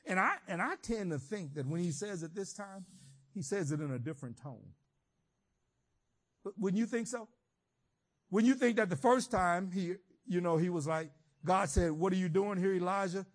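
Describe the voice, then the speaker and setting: A man preaching a sermon, swinging between shouted emphasis and quiet, reflective teaching. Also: high voice, expressive, moderate pace.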